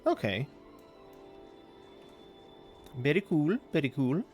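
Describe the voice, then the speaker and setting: A man's voice: on the high side, big pitch swings, normal speed, a little mellow, faint music behind. A man streaming a game, chatting casually with viewers in a rambling, easygoing way while calling out what happens in play. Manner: rambling, easygoing, answers chat between game callouts.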